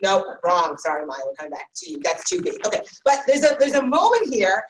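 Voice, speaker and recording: A woman teaching a Talmud class, questioning her students in an animated way and correcting herself quickly. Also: mid-range voice. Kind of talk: interactive class discussion. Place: classroom with a live audience. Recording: distant mic in a room, faint noise.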